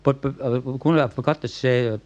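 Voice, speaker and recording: An older man, a former football manager telling lively anecdotes at a club night and acting out what people said. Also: mid-range voice, quick pace, muffled recording. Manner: animated storyteller, acts out quoted lines. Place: packed function room.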